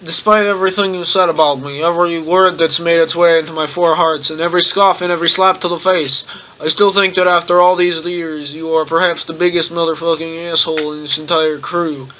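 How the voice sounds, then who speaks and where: Man reading a mournful male alien doctor, high, earnest, pleading, bright tone. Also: fairly even intonation, fairly quick, rough recording. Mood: ranting.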